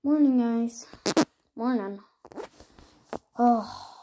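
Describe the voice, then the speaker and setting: A woman's voice: on the high side, slow, long pauses, background noise. A woman playing out a murder mystery with toy horses, switching between chatty, whispered and accusing voices for each character. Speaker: toy horse role-play creator.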